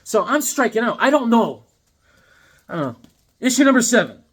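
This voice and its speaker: A man in a casual vlog, excitedly showing off his comic collection with rambling, self-deprecating asides. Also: very high voice, moderate pace, husky. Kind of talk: casual show-and-tell vlog.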